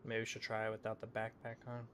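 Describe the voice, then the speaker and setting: A man's voice: fairly low pitch, completely flat delivery, fast talker, a bit bright. A man streaming a role-play game, chatting casually in a rambling, self-deprecating way, often mumbling. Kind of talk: casual gaming chat. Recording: noisy background.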